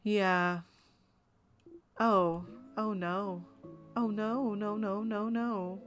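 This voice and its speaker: A woman's voice: mid-range voice, fairly even intonation, drawn-out words, long pauses, soft background music. A woman streaming a story game, reading its dialogue and narration aloud expressively and reacting with her own comments. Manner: reads dialogue expressively, reacting between lines.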